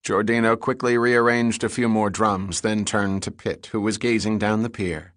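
A man reading an audiobook chapter in a steady, measured narration. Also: fairly low pitch, no echo, clean studio sound. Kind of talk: scripted narration.

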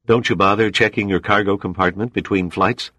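A man's voice: on the low side, steady tone, a little fast, bright, forceful tone, no echo, voice pushed up. A man voicing a caustic, suspicious man. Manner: caustic and sarcastic.

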